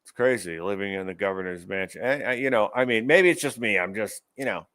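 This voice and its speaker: A man's voice: lowish voice, brisk, fairly bright tone, dry recording. A man hosting an online commentary show, ranting angrily about news clips with profanity and sarcasm. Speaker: show host.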